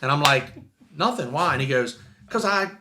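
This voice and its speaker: A man's voice: a little high, lively intonation, moderate pace, reverberant, noisy background. A man telling a long story as a guest, rambling with restarts and casual swearing.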